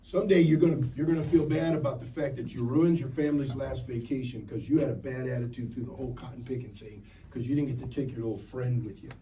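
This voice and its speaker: Preaching to teens at a church camp meeting, a man talks fast in a steady, warm, mid-range voice. He keeps things direct and joking while peppering the crowd with questions. The mic sits far away and catches faint ambient noise.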